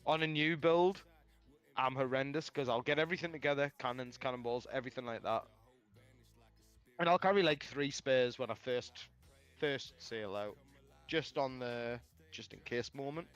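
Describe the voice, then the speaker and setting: A man streaming a game, telling a story in casual chat, animated, laughing often and swearing a lot into a headset mic. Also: mid-range voice, moderate pace, clear, resonant tone, soft background music.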